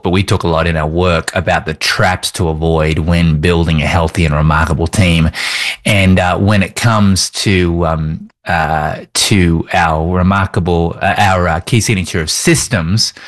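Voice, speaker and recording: An Australian man, a pastor and leadership coach, answering interview questions with humor and plenty of fillers and restarts. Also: low-pitched. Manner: joking, self-deprecating, with frequent fillers and restarts.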